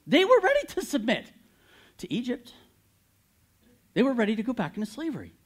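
A man preaching a sermon, candid and animated, retelling a Bible story with occasional laughs. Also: extremely high pitch, brisk, pauses often.

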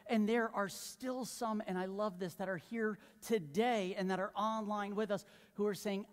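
Here a male pastor preaches with a high-sitting voice, fairly even intonation, a moderate pace, and hardly any pauses. He keeps things relaxed and chatty, joking and asking the congregation questions. It's recorded in a church sanctuary with the long echo of a big hall.

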